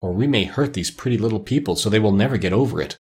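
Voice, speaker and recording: Brief: man doing a soft-spoken kind tin man for a storybook, husky. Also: fairly low pitch, animated, fast, heavily acted. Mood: cautious. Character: kind-hearted tin man, gentle and careful.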